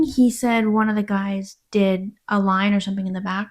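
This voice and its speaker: A woman's voice: mid-range voice, steady tone, normal speed, darkish tone. A woman guest, candidly telling her story, acting out what people said and swearing. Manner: candid storytelling, acts out quoted exchanges, swears. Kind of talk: casual interview.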